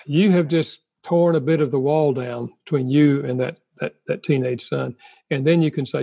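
A man's voice: a little high, normal speed, creaky, darkish tone, slightly rough. An older man giving marriage advice in a conversational talk, earnest, often laughing and acting out apologies. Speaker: marriage counselor guest.

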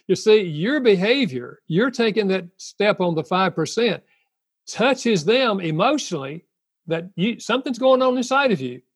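A man's voice: high voice, big pitch swings, measured pace, breathy edge. An older man giving marriage advice in a conversational talk, earnest, often laughing and acting out apologies. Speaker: marriage counselor guest.

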